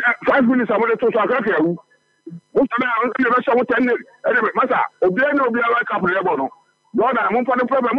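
A Ghanaian man phones in to a sports show with a high, animated voice. The phone line is dry and tinny, and he keeps talking in a steady, lively flow. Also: dry recording. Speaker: caller.

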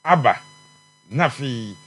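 A man with a Ghanaian accent hosting a radio sports call-in show, reading out announcements in a brisk announcer manner. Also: mid-range voice, lively intonation, over music.

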